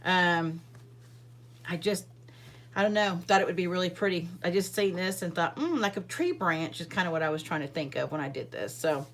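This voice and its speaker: Woman, lower-pitched, casual crafting host, rambling and friendly with viewers. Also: animated, moderate pace. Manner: chatty, rambling, full of fillers and asides to viewers. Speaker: card-making livestream host. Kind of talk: casual live crafting demonstration.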